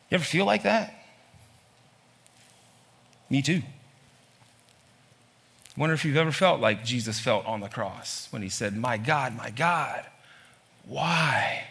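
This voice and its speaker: A male pastor preaching a sermon, firing off rhetorical questions in a lively way and pushing his voice up high on emphatic lines. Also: gravelly, breathy edge. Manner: asks many rhetorical questions. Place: church hall.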